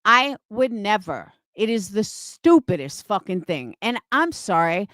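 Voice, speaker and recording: Her voice is medium-pitched and fairly bright, swinging widely in pitch at a measured pace, on a dry recording with clean studio sound. She is a woman in her fifties hosting a livestream, ranting with profanity and scorn as she mocks her critics.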